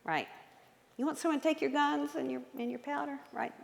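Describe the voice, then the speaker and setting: A woman's voice: high-pitched, a little fast, creaky. A woman author giving an enthusiastic history talk to a live audience in a church, often quizzing them with questions. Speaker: guest speaker and author. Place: large church hall. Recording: long hall reverb.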